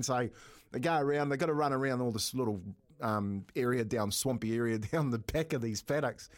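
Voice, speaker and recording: A middle-aged man with a New Zealand accent co-hosts a radio show, telling casual stories and laughing often. His voice is medium-pitched and his pace moderate.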